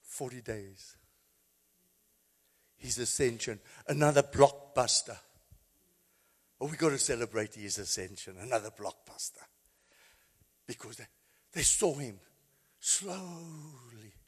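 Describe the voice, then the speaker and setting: A man, a pastor, preaching an impassioned sermon that swings from quiet, low passages to high, shouted exclamations. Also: lively intonation, slow, long pauses, husky, in a large hall.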